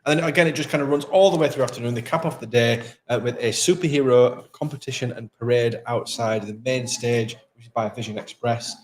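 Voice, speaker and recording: A man's voice: mid-range voice, brisk, few pauses, slight background noise. A man co-hosting a live stream from a town event, chatting casually and running through the schedule. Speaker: co-host of a live local stream.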